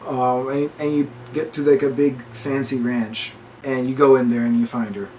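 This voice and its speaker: A man's voice: medium pitch, little pitch movement, moderate pace, dark tone, slight background noise. A man co-hosting a casual chat, retelling a story with lots of quoted dialogue and restarts. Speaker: podcast co-host.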